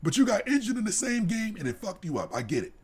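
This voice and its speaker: A man tears into a sports rant on a live podcast, his voice leaping from low grumbles up to shouts. The tone is husky and sits a touch high. Profane and heated the whole way through. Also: very animated, fast. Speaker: podcast co-host.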